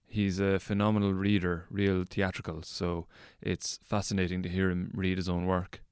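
A man's voice: low voice, flat delivery, moderate pace, darkish tone, clear, resonant tone, no room sound, studio quality. A man hosting a podcast, chatting casually and laughing easily with his guest. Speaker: podcast host. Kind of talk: casual interview chat.

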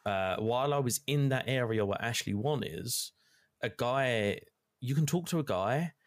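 A man's voice: mid-range voice, expressive, normal speed, dry recording, clean studio sound. A young man casually recapping a video game, rambling with lots of fillers and casual swearing. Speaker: gamer recapping play. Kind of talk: casual chat.

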